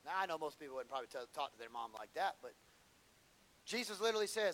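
A man preaching a sermon as pastor, storytelling and building to impassioned shouts. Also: fairly high pitch, sing-song, fast.

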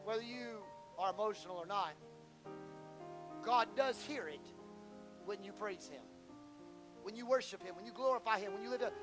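A male pastor preaching a sermon, swinging between rising shouts and lower, mock-quoting asides. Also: normal speed, long pauses, music in the background. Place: church sanctuary.

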